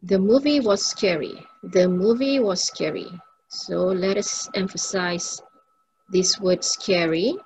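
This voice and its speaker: A woman's voice: medium pitch, slow pace, darkish tone, a little hiss or hum, rough recording. A woman English teacher, giving a recorded lesson and patiently repeating each example sentence.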